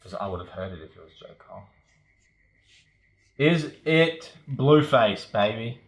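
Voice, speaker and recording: A man's voice: medium pitch, expressive, measured pace. A man co-hosting a podcast, guessing quiz answers aloud in casual banter and second-guessing himself. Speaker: podcast co-host.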